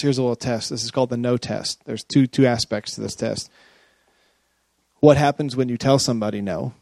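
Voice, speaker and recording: A man's voice: mid-range voice, creaky, mellow, no echo. A man preaching a sermon as a pastor, chatty and often checking in with his listeners. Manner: conversational, often checks in with the audience.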